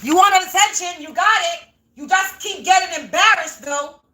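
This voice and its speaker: A woman doing a tarot reading on a livestream at home, muttering over her cards, then shouting and swearing at people she thinks are against her. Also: very high voice, normal speed, a little hiss or hum. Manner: swears a lot, swings between muttering and shouting. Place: home room.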